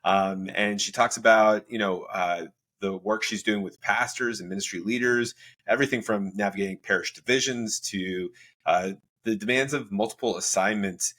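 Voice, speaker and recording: Upbeat low-voiced male podcast host. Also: fairly even intonation, normal speed, fairly bright tone. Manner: upbeat, chatty, stumbling over words. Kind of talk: podcast hosting and interviewing.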